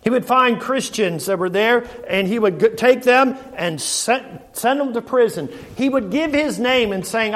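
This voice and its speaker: A middle-aged man delivers an earnest sermon in a notably high voice. He leans on rhetorical questions to the congregation and often circles back, repeating and restarting his phrases as he speaks. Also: expressive, a little slow, few pauses, a bit bright. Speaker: preacher.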